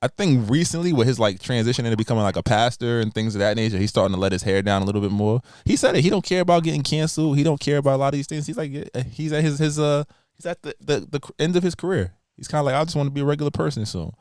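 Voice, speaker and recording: A young man hosting a podcast, chatting casually and laughing, his voice leaping up in pitch when he gets excited. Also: racing, smooth, no echo, clean studio sound. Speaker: podcast host.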